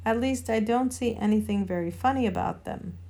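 A woman's voice: on the high side, brisk, gravelly, dark tone. A woman reading a storybook aloud and voicing a lazy panther with a dismissive drawl. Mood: bored.

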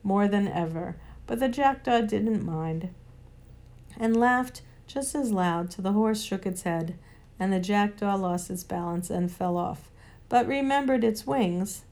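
A woman narrating a children's storybook with an even, steady reading. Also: medium pitch, a little slow. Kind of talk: storybook read aloud.

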